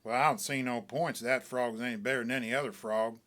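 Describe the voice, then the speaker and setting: A man voicing a glum stranger in a mining camp who speaks slowly and deliberately, a bit quietly. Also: mid-range voice, fairly even intonation, pitched below the performer's own voice, close to an everyday voice.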